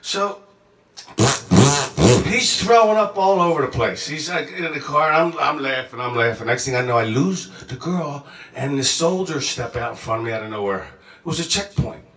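A man telling a rambling travel story in a casual, excitable and profane way, often jumping around mid-sentence. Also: on the high side, moderate pace. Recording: echoey room, mic at a distance.

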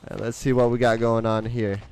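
A man's voice: mid-range voice, flat delivery, fairly quick, a little hiss or hum. A man with a Southern US accent giving casual, playful gameplay commentary and chatting to the game characters. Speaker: let's play gamer. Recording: game sound loud in the background. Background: game sounds.

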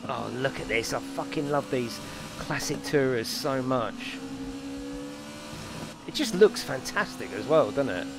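Lively man streaming a racing game. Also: medium pitch, a little slow, vocal fry, long pauses, noisy background. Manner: banters with chat, swears freely. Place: home gaming setup. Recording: game music behind the voice.

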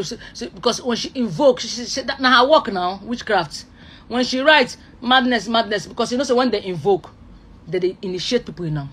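In this emotional online rant, a speaker with a Nigerian accent talks at a mid-level pitch, repeating oath after oath with great emphasis. Loud bursts give way to quiet murmurs, all over a faint background noise.

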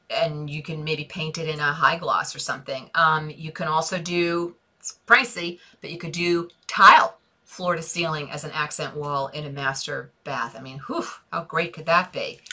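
A woman's voice: deep voice, bright, forceful tone. A middle-aged woman hosting a casual live-streamed interior design chat from her desk, reading viewer comments aloud and answering them in a rambling, friendly way. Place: home office desk.

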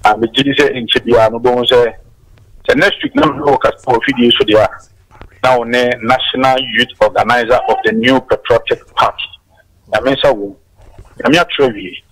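A man's voice: medium pitch, steady tone, normal speed, fairly bright tone, rough recording. A man with a Ghanaian accent calling in by phone to a political talk show, speaking emphatically and mixing in blessings. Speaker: caller. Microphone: phone line.

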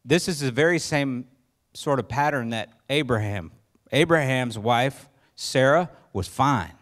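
A male pastor preaching a sermon in church, telling the story with lively acted-out voices and questions to the congregation. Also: unhurried. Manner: acts out quoted voices with rising pitch.

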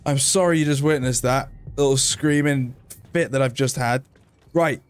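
A man's voice: medium pitch, moderate pace, a little hiss or hum. A man giving casual gameplay commentary, chatty and self-mocking, swearing when frustrated. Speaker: gaming video creator.

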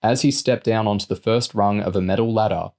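A man with a lowish voice reading a novel aloud. His narration is steady and even, carrying the story along between character lines. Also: fairly quick, gravelly. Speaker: reader. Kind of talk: audiobook reading.

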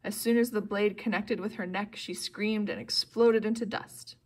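At a moderate pace and with fairly even intonation, a woman reads a novel aloud as an audiobook narrator. She keeps steady but gives the characters' lines louder, higher bursts.

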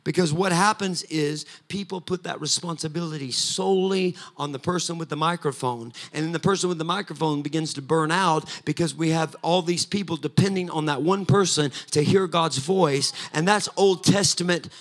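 Bright-voiced preacher in full flow. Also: male voice, a little high, moderate pace, hardly any pauses. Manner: builds from quiet, conversational asides to loud, sing-song preaching. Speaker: pastor. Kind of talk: sermon. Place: church sanctuary.

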